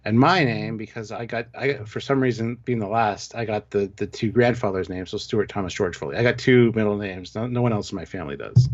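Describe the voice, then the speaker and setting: A man in his fifties co-hosting a casual livestream chat, animated and self-mocking, laughing often. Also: on the low side, brisk, few pauses. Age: 50s. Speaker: co-host. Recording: dull lo-fi stream audio.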